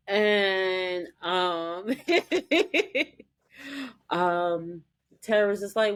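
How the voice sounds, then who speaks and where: Podcast co-host, woman, lower voice, casual animated recap delivery. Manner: animated, acts out characters' lines in quick voices. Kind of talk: casual chat recapping a TV episode.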